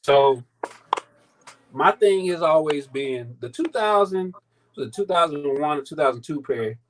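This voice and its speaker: A man in his thirties from St. Louis, telling a sneaker story in a profane, animated, casual chat. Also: a little high, measured pace, a little hiss or hum, rough recording. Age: 30s. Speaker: sneaker battle contestant.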